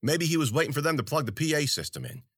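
A man's voice: a little high, sing-song, fast talker, husky, dry recording, studio quality. A man narrating a story in first person, with wry, colloquial and profane delivery. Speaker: audiobook narrator.

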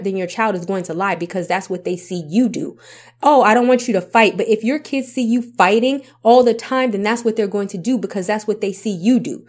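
Emphatic woman giving parenting advice. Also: mid-range voice. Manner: emphatic, repeats points, asks rhetorical questions. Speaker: parenting vlogger and author. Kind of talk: casual advice talk to camera.

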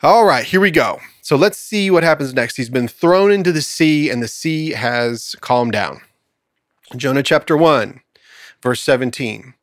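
Animated man reading scripture aloud. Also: mid-range voice, unhurried, dry recording, studio quality. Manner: animated storyteller, acts out voices in quotes with laughs. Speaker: podcast co-host teaching scripture. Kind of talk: conversational Bible study, reading scripture aloud.

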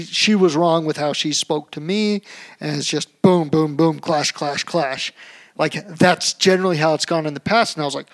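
Gravelly-voiced man telling a story. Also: a little high. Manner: animated storytelling, acts out shouting. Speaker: podcast co-host. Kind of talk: casual chat.

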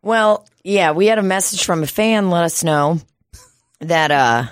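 A woman's voice: lowish voice, unhurried, clean tone, dry recording, clean studio sound. A woman co-hosting a casual podcast, joking crudely and laughing a lot. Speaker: podcast co-host.

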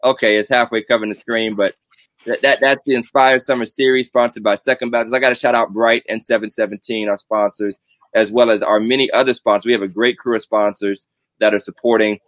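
A man's voice: lowish voice, steady tone, a little fast, fairly bright tone, no echo. A man hosting a casual live stream, joking and drawing out his announcements. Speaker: host.

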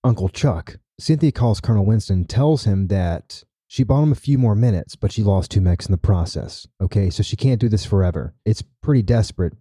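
A man's voice: lowish voice, brisk, few pauses, dark tone, breathy edge, no room sound, clean studio sound. A man hosting a podcast, retelling a story in casual chat with many "right?" asides. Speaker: podcast host.

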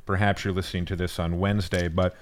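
A man's voice: low-pitched, flat delivery, fast talker. A man hosting a podcast in casual chat, earnest and affectionate, rambling a little as he talks. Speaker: podcast host.

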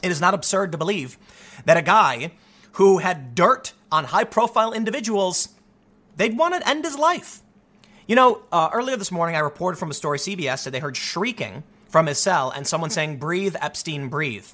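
A man talking through a casual commentary monologue, animated and often restarting his sentences. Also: high-pitched, normal speed. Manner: animated, repeats himself, many restarts. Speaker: commentary host.

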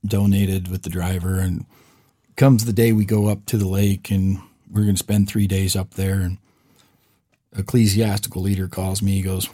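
A man with a lowish, dark and mellow voice telling a story on a casual podcast. He is animated and acts out the other people in his story as he goes. The sound is dry and close. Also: normal speed, dry recording. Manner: animated storyteller, acts out quoted voices, says "bro" and "dude". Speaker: podcast co-host.

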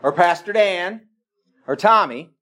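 A man's voice: sits high, lively intonation, a little slow, pushed and bright. A man preaching a sermon in a church, plain-spoken and earnest, asking his listeners pointed questions. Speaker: pastor.

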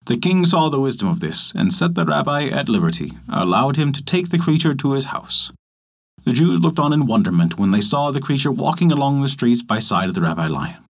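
A man reads an old folktale aloud in a measured, storytelling manner. His voice is husky, and his pitch rises and falls a great deal as he narrates. It is a scripted storybook reading. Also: big pitch swings.

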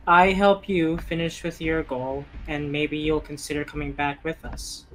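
Brief: a wary, hesitant young man in a tabletop game, played by a man. Bright and clear. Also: on the high side, steady tone, measured pace, rough recording. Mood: bargaining. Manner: hesitant, cautious.

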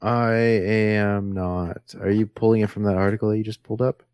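A man's voice: on the low side, little pitch movement, moderate pace, a little mellow, clean tone, no echo. A man co-hosting a casual podcast who gives short, dry replies and points out small details. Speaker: podcast co-host. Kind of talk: casual chat.

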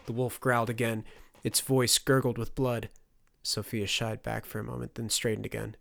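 A man narrating a fantasy audiobook in a steady storytelling delivery. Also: medium pitch, moderate pace, vocal fry.

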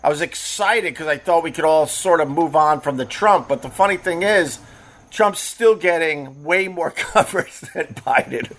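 A man's voice: a little high, normal speed, a bit bright. A man hosting a casual livestream, rambling bluntly and cursing freely as he reads out comments from his chat. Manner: blunt, profane, rambling and repetitive. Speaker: livestream host reading chat.

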